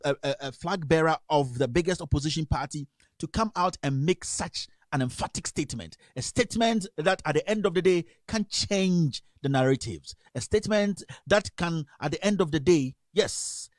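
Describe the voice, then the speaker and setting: A man's voice: fairly high pitch, no echo, clean studio sound. A man hosting a radio editorial, talking emphatically and repeating rhetorical questions. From Ghana. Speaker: radio host.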